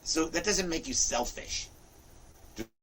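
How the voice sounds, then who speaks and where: A man in his fifties hosting a livestream, chatting casually in an animated, rambling way, often saying "look" and "you know". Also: fairly high pitch, measured pace, breathy edge, distant mic, poor audio. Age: 50s. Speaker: livestream host.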